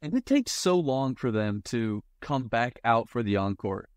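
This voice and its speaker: Wry male podcast co-host, mid-pitched. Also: animated, unhurried, no echo, studio quality. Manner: wry, amused complaining with acted-out asides. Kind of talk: casual chat.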